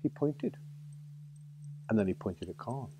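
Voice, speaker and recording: On the low side and dark in tone, a Staffordshire-accented man from England animatedly narrates a children's story at a measured pace, playful and theatrical. A little hiss or hum sits under the recording.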